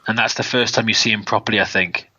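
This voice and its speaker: A man talks casually about a film he co-hosts a show on, acting out lines with animation. His tone is very bright and sharp. The recording sounds dull and lo-fi. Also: on the low side, fast, husky. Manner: animated, acts out quoted lines. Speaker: film review podcast co-host. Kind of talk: casual chat.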